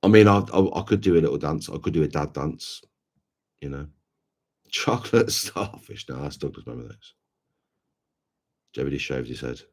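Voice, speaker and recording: A laid-back male streamer with an extremely deep voice. He chats casually and without hurry with his viewers, and his tone stays low-key. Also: expressive, normal speed, long pauses, a little mellow. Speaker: streamer host. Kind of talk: casual live stream chat.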